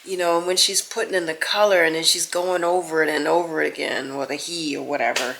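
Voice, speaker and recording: A middle-aged woman vlogging to camera in casual chat, animated and exclaiming, trailing off into soft musing, with faint music behind. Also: low voice, fairly quick, gravelly.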